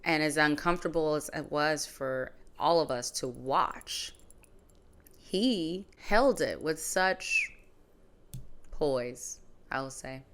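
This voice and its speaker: A woman hosting a podcast, reflectively retelling a personal story in a conversational way, her phrases often trailing off softly. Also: sits low, animated, takes it slowly, a little hiss or hum. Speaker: podcast host.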